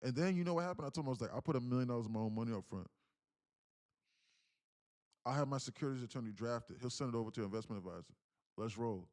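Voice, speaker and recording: Profane, animated man streaming day trading. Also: medium pitch, very fast, pauses often. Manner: animated, profane, slangy, restarts often. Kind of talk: casual live-stream talk.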